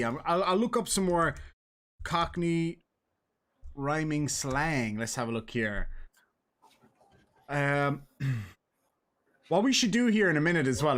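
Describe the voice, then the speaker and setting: An Irish man hosting a casual livestream, chatting and reading out donations with quick laughs. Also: a little high, fairly bright tone. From Ireland. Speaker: host.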